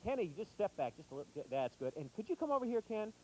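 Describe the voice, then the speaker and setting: A man's voice: high-pitched, sing-song, quick pace, a little mellow, low-quality recording. A man hosting a game show in a TV studio with a live audience, chatty and coaxing with contestants.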